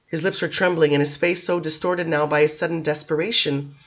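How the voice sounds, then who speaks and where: A man reading a novel aloud in a measured, dramatic storytelling manner. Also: a little high, steady tone, a bit bright, lo-fi sound. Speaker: reader.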